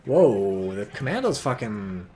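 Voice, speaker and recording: A man's voice: fairly low pitch, big pitch swings, takes it slowly, darkish tone. A man giving casual, profane, sarcastic commentary on a strategy game replay and reading viewer chat aloud.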